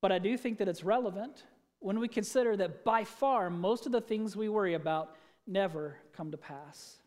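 Preacher, conversational sermon, mid-pitched voice, long hall reverb, church sanctuary. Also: normal speed, a little mellow. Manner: conversational, asks the congregation questions. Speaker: pastor.

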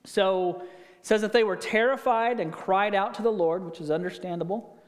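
A male pastor with a high voice delivers a sermon in a relaxed, conversational manner, mixing scripture readings with folksy anecdotes. His words ring out in a church sanctuary with a long, trailing reverb. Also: moderate pace.

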